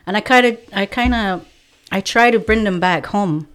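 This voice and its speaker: A woman telling stories in a casual podcast chat, animated, acting out the dialogue of the people in it and laughing often. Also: mid-range voice, normal speed. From from a First Nations reserve community. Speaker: guest, community outreach organizer.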